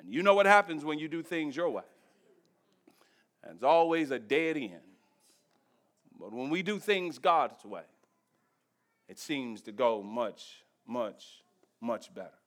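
A man pastor preaching a sermon to his church, emphatic and humorous, swinging from quiet reflection to loud exhortation while speaking straight to the congregation. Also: medium pitch, very animated, slow pace, pauses often. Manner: addresses the congregation directly, storytelling with humor. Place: church service.

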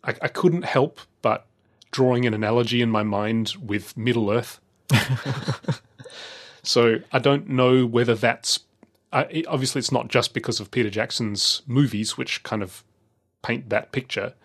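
A man's voice: medium pitch, steady tone, unhurried. A middle-aged man telling a travel story in casual chat, rambling with many fillers and restarts.

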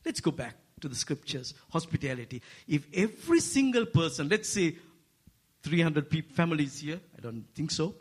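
Husky-voiced preacher man, Asian-accented English. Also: normal speed. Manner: rising to animated, high-pitched emphasis; playful asides with the congregation. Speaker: guest preacher. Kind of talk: sermon.

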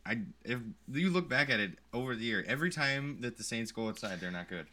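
A man's voice: mid-range voice, lively intonation, fairly quick, pushed and bright. A man appearing as a guest on a casual comedy podcast, offering wry criticism and football picks. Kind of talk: casual comedic sports chat.

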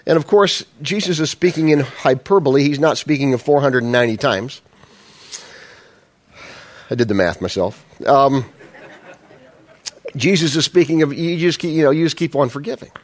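A man's voice: on the high side, normal speed, long pauses. A man preaching a sermon in a conversational style, asking the congregation rhetorical questions. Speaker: pastor.

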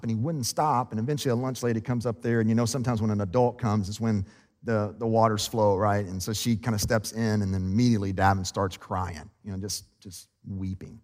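A man who is a pastor, preaching a sermon in a relaxed, conversational and self-deprecating way, laughing often. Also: fairly low pitch, brisk, big-room sound. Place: church sanctuary.

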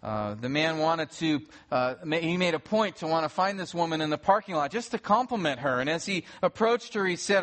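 A man's voice: a little high, animated, a little fast, few pauses, fairly bright tone. A man preaching a sermon to a church congregation, telling a story earnestly with frequent restarts. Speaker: pastor. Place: church sanctuary before a congregation.

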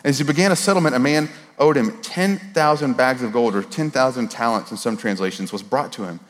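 A man preaching a casual, conversational sermon, animated and informal with slang and repeated words, at times dropping to a soft, earnest voice. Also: medium pitch, brisk. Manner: drops to a soft, quiet voice for earnest moments. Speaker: pastor. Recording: long reverb of a large hall.

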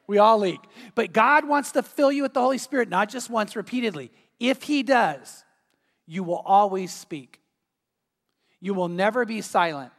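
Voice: medium pitch, expressive, normal speed, big-room sound. A pastor giving an earnest, conversational sermon full of rhetorical questions to the congregation.

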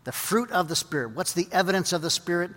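Male preacher, sermon storyteller, pitched up, echoing through a big hall. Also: fast. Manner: lively storyteller, drops to quiet earnest teaching. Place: large hall with audience. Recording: long hall reverb.

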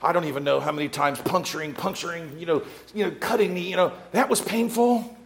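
A middle-aged man preaching a sermon, acting out quotes and swinging from loud calls to hushed, quiet passages. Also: sits high, animated, fast talker, vocal fry. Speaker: pastor.

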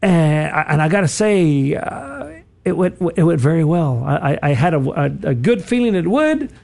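Radio host guy, gravelly, kinda high voice, rambles and chuckles, studio sound. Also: very animated, moderate pace, a little mellow. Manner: rambling, self-correcting, chuckling. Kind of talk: casual radio talk and prayer.

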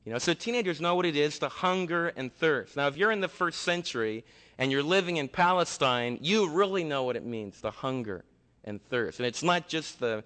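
A man's voice: a little high, normal speed. Storytelling preacher man in a reverberant hall. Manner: storytelling preacher, lively and conversational. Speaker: pastor. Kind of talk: sermon.

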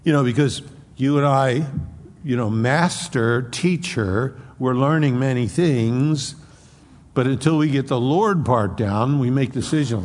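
A man's voice: mid-range voice, measured pace, darkish tone, long reverb tail. A man preaching an expository sermon as pastor, conversational and acting out quoted speech.

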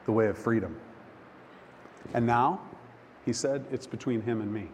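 A man preaching a sermon, telling a personal story with emotion, halting and restarting often. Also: medium pitch, a little mellow. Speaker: pastor. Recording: long hall reverb, faint background noise.

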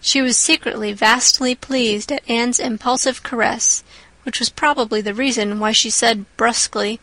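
A woman's voice: on the high side, steady tone, moderate pace, pushed and bright, no room sound, low-quality recording. Woman narrating a storybook, dry and close. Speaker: audiobook narrator.

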